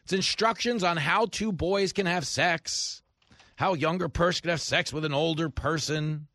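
A man hosting a comedic political talk radio show, talking in an animated way and acting out voices in quotes. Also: a little high, normal speed, dry recording. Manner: animated, acts out voices in quotes, rising to shouts.

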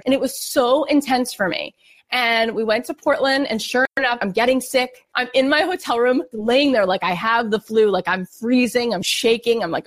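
A middle-aged woman speaks with a slightly high, earnest voice, telling a heartfelt motivational story. She is openly emotional and acts out her own anxious inner voice as she goes. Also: a little fast. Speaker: podcast host and speaker.

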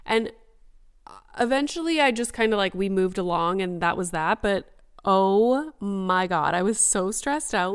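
A woman's voice: mid-range voice, moderate pace, smooth. A woman in her thirties hosting a solo podcast, chatting casually and acting out quoted dialogue with lots of "like.". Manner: chatty and animated, acts out quoted dialogue with frequent "like". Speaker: podcast host.

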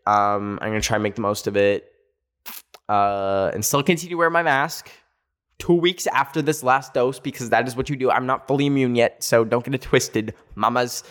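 Male podcast host, casual and sassy, animated storyteller. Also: medium pitch, moderate pace. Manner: animated storytelling, sassy asides, acts out quotes. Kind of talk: casual chat.

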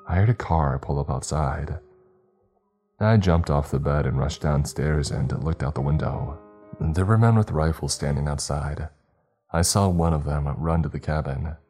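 A man reading a scripted horror story in a steady, measured way. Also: extremely low pitch, husky. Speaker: narrator. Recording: faint music underneath.

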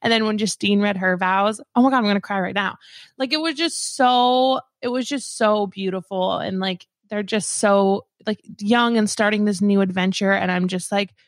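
A woman's voice: medium pitch, normal speed, hardly any pauses, no room sound, studio quality. A young adult woman co-hosting a podcast, chatting casually and emotionally with many fillers. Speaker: co-host. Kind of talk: casual chat.

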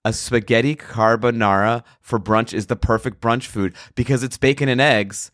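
A man's voice: mid-range voice, fairly even intonation, normal speed, fairly bright tone, dry recording, clean studio sound. A male podcast host chatting casually, enthusiastic and explanatory about food.

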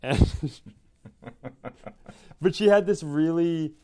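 Male comedian co-host, smooth resonant voice, rambling storyteller. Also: fairly high pitch, slow pace, darkish tone. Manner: rambling anecdotes with quoted voices. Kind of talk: casual storytelling chat.

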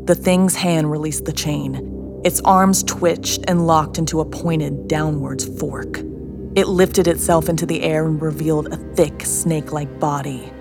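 A woman tells a horror story in a low, gravelly voice, slow and hushed to build suspense. Her tone is deep and rough. Music plays clearly behind her. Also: fairly even intonation. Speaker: narrator. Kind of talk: scripted horror story narration.

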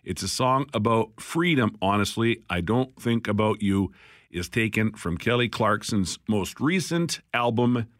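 Talk radio host, dry studio sound. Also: male voice, fairly low pitch, expressive, measured pace, a bit bright, no echo. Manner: conversational, with frequent fillers. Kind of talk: casual talk radio hosting.

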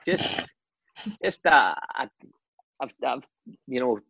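Husky Scottish man telling stories. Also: medium pitch, slow pace, no room sound, highs cut off. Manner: animated anecdotes, laughing and swearing. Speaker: guest, former footballer and manager. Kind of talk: casual storytelling chat.

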